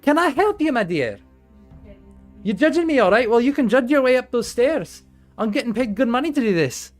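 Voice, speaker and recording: A man's voice: very high voice, animated, fairly quick, faint music behind, voice pushed up. Man putting on a doting Scottish old housekeeper. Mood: teasing. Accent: put-on Scottish. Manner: sing-song, calls everyone dear.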